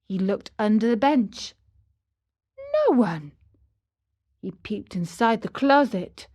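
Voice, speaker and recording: Slow, clear woman reading a story. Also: mid-range voice, lively intonation, a little mellow. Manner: clear and deliberate.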